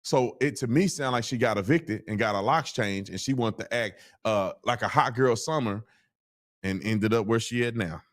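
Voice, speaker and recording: A man's voice: on the low side, normal speed. A man hosting a show, giving casual commentary in a mocking, scornful way. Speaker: host.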